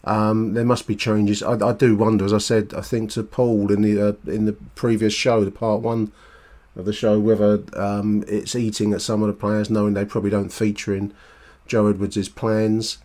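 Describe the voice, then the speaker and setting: A man's voice: fairly low pitch, flat delivery, normal speed, a little mellow. A man hosting a fan podcast, chatting casually and rambling as he responds to listener voicemails. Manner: chatty, rambling with fillers and restarts. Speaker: podcast host.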